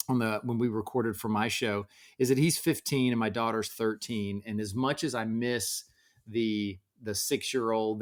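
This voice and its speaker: A man in his forties, a podcast guest, talking casually and reflectively about family life. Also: on the low side. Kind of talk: casual interview chat.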